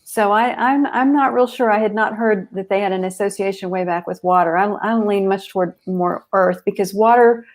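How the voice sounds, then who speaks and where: Thoughtful woman explaining calmly. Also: medium pitch, moderate pace, few pauses. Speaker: guest author. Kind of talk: casual podcast chat.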